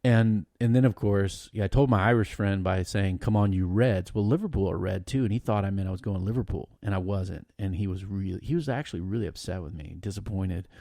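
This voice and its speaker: A middle-aged man on a podcast telling a story in an animated, laughing way, often stopping and starting again. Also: deep voice, a little fast, gravelly, hardly any pauses, no room sound, studio quality. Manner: animated, laughing, trails off and restarts. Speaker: podcast guest. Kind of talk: casual storytelling chat.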